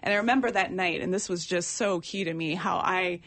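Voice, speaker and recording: A woman in her forties telling her personal testimony in an interview, earnest and halting, with many fillers. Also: lowish voice, a bit bright, dry recording. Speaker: ministry guest sharing testimony.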